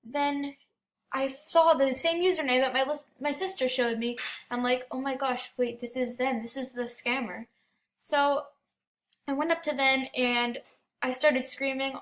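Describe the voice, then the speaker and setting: A woman's voice: high-pitched, steady tone, normal speed. A teenage girl casually telling stories about an online game, chatty with many fillers and restarts. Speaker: gaming storyteller. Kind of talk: casual storytelling.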